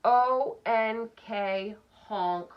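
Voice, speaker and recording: A woman teacher giving a recorded phonics lesson for children, slowly sounding out letters and words. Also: a little high, lo-fi sound.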